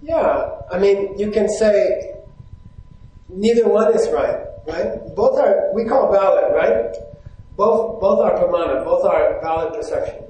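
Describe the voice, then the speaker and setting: A man with a high voice teaches from a stage in a large hall, and the sound rings heavily off the walls. He talks in a loose, conversational way. He keeps asking his listeners questions and checking that they follow. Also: lively intonation, measured pace, mellow. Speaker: Buddhist teacher. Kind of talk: teaching talk to a live audience. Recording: very echoey hall.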